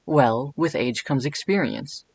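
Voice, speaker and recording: A smug, seductive cat king purrs his come-ons in a low, soft, drawn-out voice, as a man puts on an actor's impression. Every line leans in as a flirt. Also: slight background noise, natural voice. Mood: teasing.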